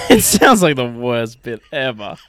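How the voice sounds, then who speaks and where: A man's voice: mid-range voice, sing-song, slow pace, no echo. Guy comedian, teasing dry banter, voice swings up and down, dry close mic. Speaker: comedian and co-host. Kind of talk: casual podcast chat.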